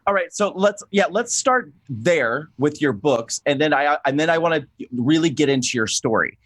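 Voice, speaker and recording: A man hosting a political talk show, excitable and gushing, rambling with many restarts and self-corrections. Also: on the high side, moderate pace, no echo, rough recording. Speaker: host.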